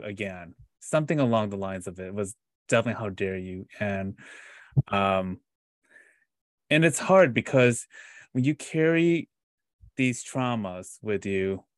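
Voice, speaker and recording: A man hosting a podcast interview, responding in a measured, reflective way with hesitant pauses. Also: fairly low pitch, smooth, dry recording. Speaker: podcast host.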